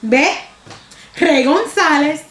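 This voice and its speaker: An insistent elderly grandmother who says things twice until she's sure she's heard, as a woman puts her on. The voice sits a touch high, and the recording has a roomy echo around it. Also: expressive, normal speed, natural voice. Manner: insistent, repeating herself.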